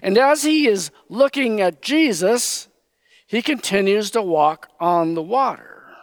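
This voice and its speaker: Slow, high-voiced male preacher. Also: lively intonation, no room sound. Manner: slow, emphatic Bible teaching, quoting figures in raised voice. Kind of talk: sermon.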